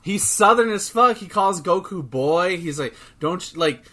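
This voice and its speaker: A man co-hosting a podcast in casual chat, excitable, swearing freely and restarting his sentences often. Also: high voice, moderate pace. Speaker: podcast co-host.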